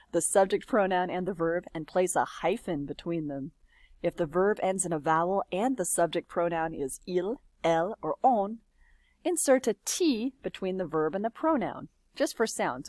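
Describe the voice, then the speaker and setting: A woman teaching a recorded slideshow lesson, lively and sing-song when she models phrases, with quiet near-whispered asides. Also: lowish voice, normal speed, no room sound. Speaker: French teacher.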